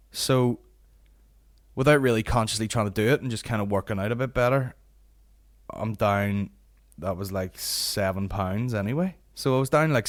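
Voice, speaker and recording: A Northern Irish man in his late twenties, hosting a podcast with a sweary, ranting comic monologue. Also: fairly low pitch. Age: late 20s. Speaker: podcast host.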